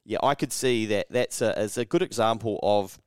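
A man's voice: lowish voice, moderate pace, smooth, no room sound, studio quality. Sweary New Zealand man telling a story. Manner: swears freely, acts out others in animated voices. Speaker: podcast co-host. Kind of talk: casual chat.

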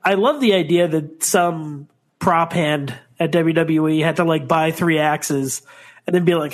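Joking man with a higher voice. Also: measured pace. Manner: joking, playful, slips into silly accents. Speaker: podcast co-host. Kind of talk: casual wrestling chat.

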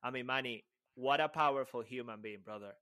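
A man's voice: medium pitch, brisk, sharp tone. A man co-hosting a podcast, effusive and playful, heaping praise on his guest. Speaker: podcast co-host. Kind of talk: casual podcast chat.

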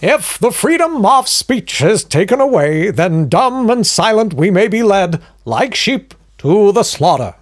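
A man voicing a grand old American statesman in a slow, solemn, oratorical historic-drama manner. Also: high-pitched, very animated, pitched above the performer's own voice, full character voice.

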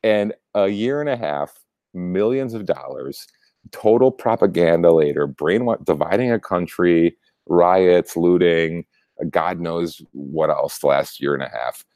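A young man hosting a casual political chat show, talking in an animated way, laughing often, restarting his sentences and swearing freely. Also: low-pitched, a little slow, no echo. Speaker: show host.

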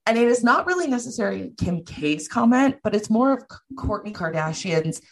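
A woman's voice: medium pitch, brisk. A woman co-hosting a podcast in casual chat, blunt and swearing freely. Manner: blunt, swears freely, animated mock quotes. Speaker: podcast co-host.

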